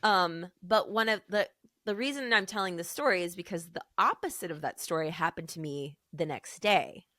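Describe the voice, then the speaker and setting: Woman podcast cohost spinning a story, lively, acts out the voices, dry close mic. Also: on the low side, normal speed, no echo. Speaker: podcast co-host. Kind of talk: casual storytelling chat.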